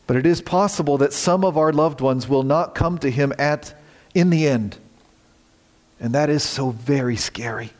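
Preaching earnestly at a normal speed, this pastor has a fairly high voice that echoes with a big hall's long reverb. His delivery moves from forceful emphasis to soft, hushed lines.

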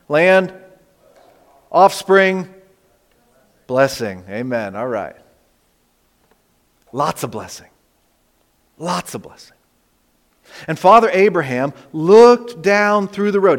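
A man preaching a sermon as pastor, emphatic, dropping at times to hushed tones and asking his listeners for agreement. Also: sits high. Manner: emphatic preaching, drops to hushed tones, asks the congregation "right?". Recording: long hall reverb.

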